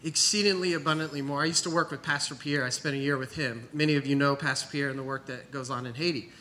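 A man's voice: on the high side, fairly even intonation, fast, pushed and bright, a little hiss or hum. A man telling his story from the pulpit in a conversational, storytelling manner, quoting the people he talks about. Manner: storytelling, conversational, quotes others. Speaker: church planter pastor. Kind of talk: sermon testimony.

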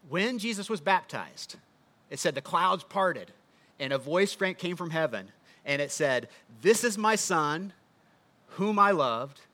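A man's voice: on the high side, pushed and bright. A man preaching a sermon in a conversational teaching manner, often asking the listeners rhetorical questions. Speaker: pastor.

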